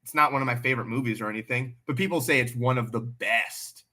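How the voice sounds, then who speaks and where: A man hosting a casual livestream, answering chat questions in a blunt, animated way and swearing freely. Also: medium pitch, fast.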